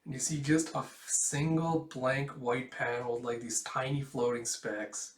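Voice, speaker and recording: Guy reading and reacting to a comic, rambly, mid pitch, echoey room. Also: fairly even intonation, a little slow. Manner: rambling, with restarts and "it's like". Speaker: manga reaction host.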